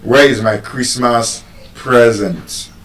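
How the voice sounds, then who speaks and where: A man's voice: mid-range voice, expressive, unhurried, fairly bright tone, roomy sound, recorded from a distance, low-quality recording. A Nigerian man teaching English word stress to a live audience, teasing them and asking questions.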